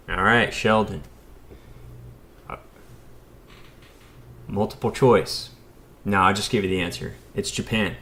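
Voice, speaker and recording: A man's voice: lowish voice, fairly even intonation, takes it slowly, pauses often, bright, forceful tone. An American man in his thirties, an electrician, chatting casually on a live stream, rambling and talking straight to his viewers. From United States. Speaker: electrician and YouTuber.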